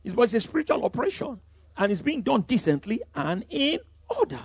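High, gravelly Nigerian pastor preaching. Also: male voice, big pitch swings, a little fast, no room sound. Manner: emphatic, swings from loud declarations to quiet asides. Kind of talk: sermon.

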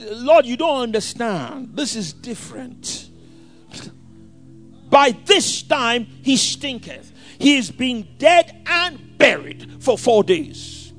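A man preaching a sermon, swinging from hushed asides to shouted scripture quotes. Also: very high-pitched.

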